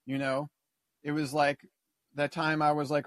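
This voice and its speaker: Male caller, worked up and rambling, mid-pitch, dry sound. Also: level tone, unhurried, pauses often, no echo. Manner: passionate, rambling, loses his train of thought. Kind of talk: casual call-in rant.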